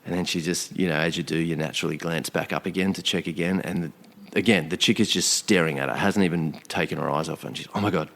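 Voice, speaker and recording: A man telling a long story in a casual, animated way, acting out the quoted thoughts of the people in it. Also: deep voice, quick pace, gravelly, hardly any pauses. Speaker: podcast guest. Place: outdoor location.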